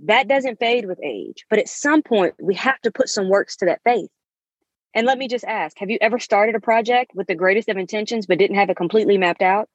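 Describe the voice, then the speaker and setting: A woman's voice: medium pitch, a little fast, dry recording. Woman, 30s, podcast host, emphatic motivational monologue, muffled and dry recording. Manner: emphatic, preachy, uses endearments.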